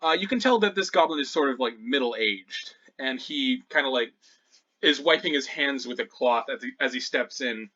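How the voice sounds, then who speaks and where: A man running a tabletop game, describing scenes in a loose, rambling way full of "uh" and "like". His voice is bright and forceful, at a middle pitch. The mic sounds a little dull and lo-fi. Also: animated, normal speed. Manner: loose, filler-heavy descriptive narration. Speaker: game master.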